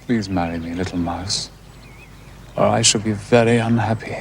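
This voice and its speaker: A man's voice: lowish voice, normal speed, vocal fry, a little hiss or hum. An actor playing an eager young writer who lectures his sweetheart in a wordy, pompous way in a 1970s television period drama. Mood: pleading. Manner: wordy and pompous, with fussy endearments.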